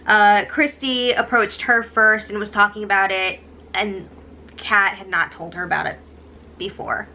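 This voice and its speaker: A woman's voice: medium pitch, steady tone, measured pace, pushed and bright. A young woman hosting a casual recap, chatty, with sarcastic, eye-rolling asides. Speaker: host recapping a reality show.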